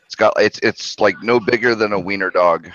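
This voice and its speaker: A man's voice: on the low side, normal speed, a bit bright, no echo. A man chatting on a podcast, laid-back and swearing casually. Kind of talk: casual chat. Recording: dry, dull lo-fi sound.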